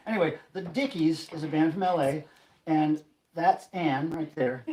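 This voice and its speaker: A man hosting a casual livestream, telling a rambling, animated story. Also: fairly high pitch, roomy sound, poor audio. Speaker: livestream host.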